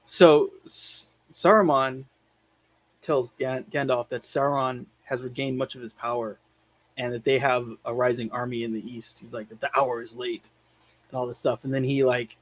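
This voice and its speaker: A man hosting a film podcast, retelling scenes in a loose, rambling way full of "like" and casual swearing. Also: medium pitch. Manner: laid-back, swears casually. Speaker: podcast host reviewing films. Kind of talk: casual chat.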